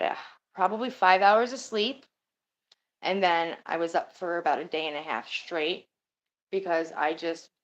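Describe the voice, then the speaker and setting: Lowish-voiced woman rambling to her stream chat, swears a bit, kinda muffled sound. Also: a bit bright. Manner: rambling and chatty, swears casually. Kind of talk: casual livestream chat.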